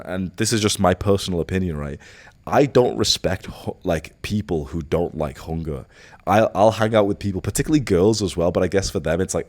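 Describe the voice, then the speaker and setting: A man's voice: deep voice, a little mellow. A young man giving a blunt, profane motivational monologue as a self-improvement coach, peppering his talk with "like" and rhetorical questions. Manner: blunt, profane, filler-heavy with frequent "like".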